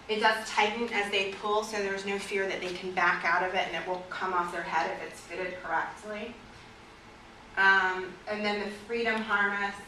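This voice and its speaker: Bright-voiced woman teaching dog training. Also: mid-range voice, slight background noise. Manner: lively, uses vivid examples and asks the audience questions. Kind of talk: teaching a class. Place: store or training room with an audience. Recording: echoey room, recorded from a distance.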